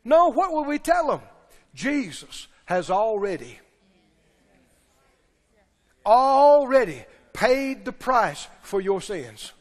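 A high-pitched male preacher, delivering a sermon with forceful shouts and slow, weighted emphasis. His voice rings through a long, echoing church reverb. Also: very animated. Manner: mimics pleading believers in low, soft voices. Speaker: pastor.

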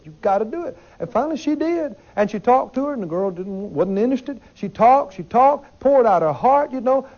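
High, lively voiced man preaching a sermon. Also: dull audio. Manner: emphatic, repeats phrases, asks congregation questions.

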